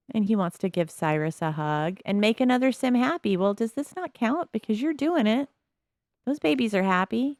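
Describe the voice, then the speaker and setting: A woman's voice: on the high side, lively intonation, normal speed, a little mellow, no room sound, studio quality. A woman giving casual, amused commentary on her life-sim game as a video host. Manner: chatty, amused, narrates the characters' thoughts.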